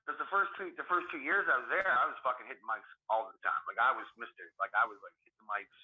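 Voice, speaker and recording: A man co-hosting a podcast, telling stories fast in a profane, animated way. His voice comes through a thin, tinny line, as if over a phone, with a medium-pitched tone. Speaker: podcast co-host and comedian. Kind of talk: casual chat.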